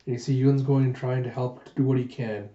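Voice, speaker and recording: A man with a mellow, relaxed voice gives a casual manga readthrough, chuckling and throwing in asides as he retells each scene. He sounds like he is in a roomy space, and the sound is a bit dull, like a simple home recording. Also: mid-range voice, brisk. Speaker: manga reader and reviewer.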